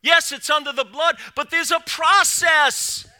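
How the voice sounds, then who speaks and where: A middle-aged man preaching a sermon as pastor, dropping to a hush and then rising to loud cries, with quick repeated restarts. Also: very high voice, fairly even intonation. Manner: swings from hushed to loud preaching.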